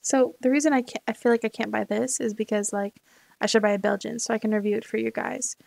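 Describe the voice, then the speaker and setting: A woman's voice: on the high side, fairly even intonation, fast talker, vocal fry, darkish tone, no room sound. A young woman chatting casually while playing a game, rambling and talking herself in and out of choices. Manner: rambling, indecisive, talks to herself. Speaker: gaming YouTuber. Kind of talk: casual let's-play chat.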